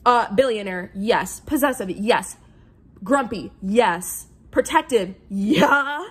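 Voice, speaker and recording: A woman's voice: on the high side, slow pace, breathy edge. Gushing woman reviewing romance books. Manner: gushing, excitable, heavy use of "like". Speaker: book reviewer. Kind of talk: casual book review vlog.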